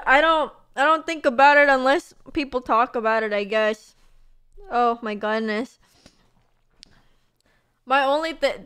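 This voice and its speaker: A woman's voice: high-pitched, fairly bright tone. A young woman streaming, chatting casually and reading messages, bubbly and gushing with lots of fillers and laughs.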